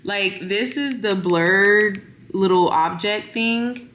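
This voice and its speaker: A woman's voice: medium pitch, takes it slowly, a bit bright. A young woman vlogger chatting casually to camera from her bedroom, exasperated and ranting to her viewers. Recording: roomy echo.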